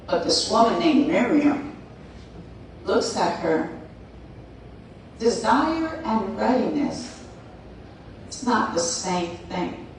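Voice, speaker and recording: Slow-talking woman telling a story. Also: on the low side, animated, a little hiss or hum. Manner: playful, acts out characters, talks to the crowd. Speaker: speaker. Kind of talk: motivational storytelling talk. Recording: echoey hall, far from mic.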